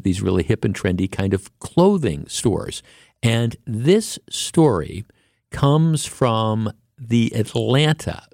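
A man's voice: medium pitch, gravelly, a little mellow, dry recording. Male talk radio host, mid-range voice, dry sound, indignant rambling monologue. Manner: rambling and indignant, with many restarts.

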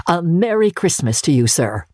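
A woman's voice: sits low, sing-song, moderate pace, a little mellow, no room sound, studio quality. A woman voicing a joyful old man, a reformed miser who is eager and effusive. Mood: eager, earnest.

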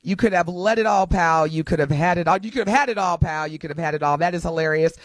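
A woman co-hosting a casual radio talk show, animated and quick to laugh as she reads listener messages aloud. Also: fairly low pitch, dry recording. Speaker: radio co-host.

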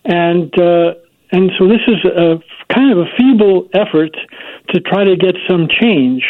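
A man, a psychology professor, answering interview questions in a measured, hesitant way. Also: sits high, animated. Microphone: phone line. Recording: tinny phone line.

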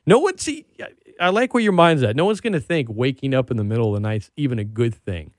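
Dude hosting a chat show, gets all fired up telling stories, super dry close mic. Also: male voice, mid-range voice, fast talker, no echo. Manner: animated, excitable storyteller. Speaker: podcast host. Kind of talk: casual chat.

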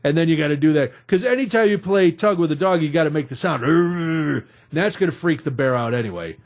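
A man's voice: on the high side, animated, fast talker. A man hosting a radio talk show, recapping odd news stories in a jokey, rambling way from a studio.

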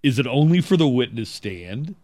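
A man's voice: medium pitch, big pitch swings, moderate pace, darkish tone, dry recording. A man hosting a morning radio show, chatting wryly with co-hosts and reading an ad. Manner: wry, chatty, reads ad copy. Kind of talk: casual radio talk.

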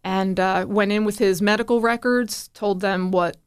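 Animated woman telling a story on radio. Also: mid-range voice, moderate pace, clean tone. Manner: animated, acts out quoted dialogue. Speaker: guest, parent sharing her son's story. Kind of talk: casual radio interview storytelling.

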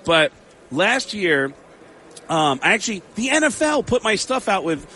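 Bright, excitable comedian man telling stories. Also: sits high. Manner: excitable, quick storyteller who acts out quoted exchanges. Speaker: stand-up comedian guest. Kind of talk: animated anecdote telling.

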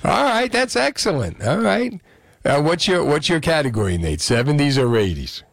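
A man's voice: a little high, moderate pace, creaky, dry recording, studio quality. A man hosting a radio call-in show, joking and laughing easily with callers and guests. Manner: lively, jokey, laughs often. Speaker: radio host.

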